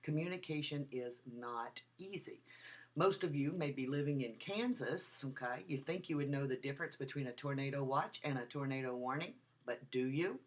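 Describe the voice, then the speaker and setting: Speaking at a moderate pace in an extremely low-pitched voice, a university lecturer gives a recorded video lecture. She is animated and emphatic and keeps repeating her key points.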